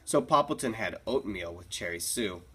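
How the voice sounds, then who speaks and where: A woman's voice: rumbling low, animated, moderate pace, slightly rough. A woman teacher reading a picture book aloud to her class in a classroom, with chatty asides and easy laughs.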